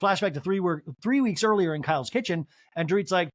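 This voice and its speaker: A man's voice: high voice, fast, no echo, clean studio sound. A man hosting a podcast and recapping a reality show with comic, gossipy asides. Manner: animated, gossipy, many fillers. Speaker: podcast host. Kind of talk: comedic TV recap.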